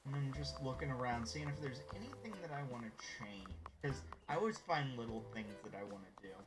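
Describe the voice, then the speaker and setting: A man's voice: medium pitch, expressive, a little fast. A man from the Southern United States with a light Southern twang, chatting casually on a game stream, rambling with fillers and restarts and sometimes dropping to a whisper. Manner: rambling, with frequent fillers and restarts, drops to a whisper when musing. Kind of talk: casual gameplay stream chat. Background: game music.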